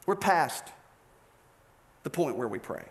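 Animated, high-voiced male preacher. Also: slow. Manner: animated storytelling, acting out scenes. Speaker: pastor. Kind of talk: sermon.

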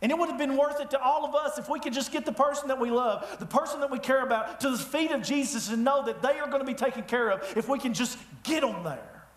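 A man preaching a sermon in a church, telling the story with lively humor. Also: very high-pitched, fast, hardly any pauses. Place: church sanctuary. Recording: echoey room.

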